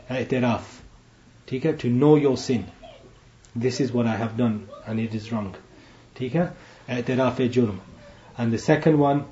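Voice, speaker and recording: A man delivers a sermon in a mellow, warm voice, moving between plain explanation and quickly chanted Arabic verses, often pausing for short asides. The sound is roomy with echo and a little dull. His pitch sits in the middle for a man. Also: a little hiss or hum. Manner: teaching, checking in with frequent asides. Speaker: imam. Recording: echoey, dull room sound.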